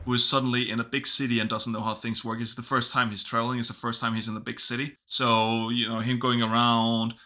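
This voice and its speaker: A man's voice: medium pitch, flat delivery, fairly quick, few pauses, sharp tone, soft background music. A man casually reviewing films, chatty and enthusiastic. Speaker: film reviewer. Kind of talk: casual video review commentary.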